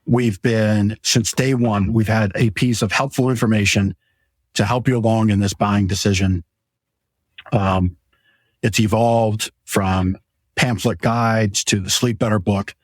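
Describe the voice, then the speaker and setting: Guy rambling excitedly about beds in his mattress shop, lowish voice, dry close sound. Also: measured pace, dry recording. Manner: rambling, enthusiastic, pitches products. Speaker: podcast host and mattress store owner. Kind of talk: casual sales chat. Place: mattress store showroom.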